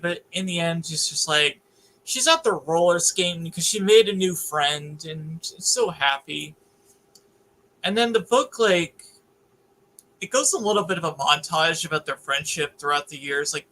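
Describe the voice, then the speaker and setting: Guy with a bright, kinda high voice, halting casual book chat on a podcast. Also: rough recording. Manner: hesitant, lots of fillers and restarts. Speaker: book club podcast co-host. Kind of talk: casual chat about a novel.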